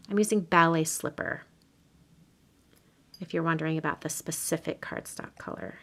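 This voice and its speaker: Chatty woman with a gravelly low voice. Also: normal speed, pauses often. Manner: chatty, drops to soft murmurs while working. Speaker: card-making host. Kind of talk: casual live craft demo chat. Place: home craft room.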